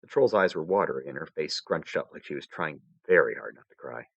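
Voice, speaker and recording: A man narrating his own fan fiction in an expressive storytelling reading. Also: a bass voice, brisk, gravelly, slightly rough, dry recording, highs cut off. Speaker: fanfiction reader.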